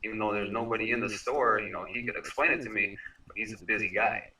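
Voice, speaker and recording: A low-voiced man with a sharp, bright tone lays out sales advice in short, direct instructions. He sounds set back from the microphone. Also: fairly even intonation, fast talker, recorded from a distance, rough recording. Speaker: sales mentor. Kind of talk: casual sales coaching talk.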